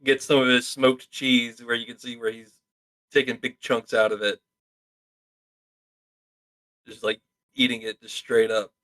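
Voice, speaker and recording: A man's voice: medium pitch, level tone, a little slow, pauses often, fairly bright tone, rough recording. A man playing a tabletop game who talks in a wry, teasing way. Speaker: player. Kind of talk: casual tabletop play.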